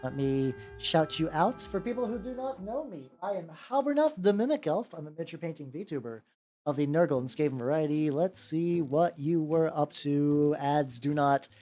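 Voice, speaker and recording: A woman's voice: sits low, expressive, moderate pace, warm tone. A woman streaming while she paints miniatures, rambling casually, swearing freely and greeting her chat by name. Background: faint background music.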